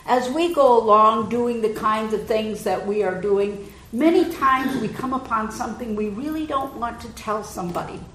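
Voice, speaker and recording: A woman preacher retelling a scripture story in a gentle, unhurried way, her loudness often dipping soft. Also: on the high side, slight background noise. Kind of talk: sermon storytelling. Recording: echoey room.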